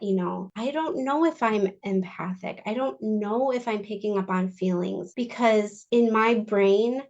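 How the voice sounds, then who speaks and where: A woman guest on a podcast telling a personal story casually, animated, with frequent fillers and restarts. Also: on the high side. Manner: animated, says "like" often, restarts words.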